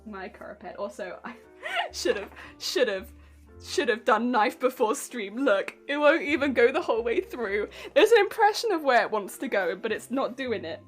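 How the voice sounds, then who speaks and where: A woman's voice: fairly high pitch, big pitch swings, measured pace. A woman streaming while she crafts a cosplay, chatting casually, giggling often and reading out her chat. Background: soft background music.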